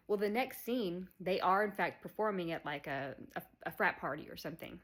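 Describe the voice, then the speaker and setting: A woman's voice: on the low side, moderate pace, fairly bright tone. Chatty woman retelling a movie plot. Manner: chatty, many "like" and "um" fillers, laughs while retelling. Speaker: podcast host recapping a film. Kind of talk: casual film recap.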